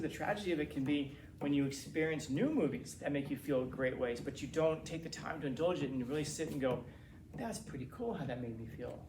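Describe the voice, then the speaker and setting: A man in his forties, a teacher, lecturing a class in a rambling, animated way with many restarts. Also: medium pitch. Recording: roomy classroom from a distance, faint hiss.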